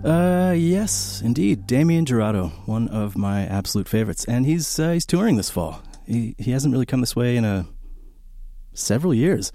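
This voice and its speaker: A man with a mid-range voice and moderate pace chats between tracks on a college radio record show. He's casual and enthusiastic, rambling through animated stories with many fillers, speaking into a studio broadcast mic in a small radio studio.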